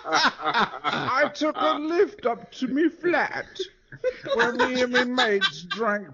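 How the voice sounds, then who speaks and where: A man's voice: extremely high pitch, very animated, drawn-out words, highs cut off, very noisy, heavily acted. A man voicing a cheeky, crude adult British bloke in an overdone mock-British accent with hammy slang.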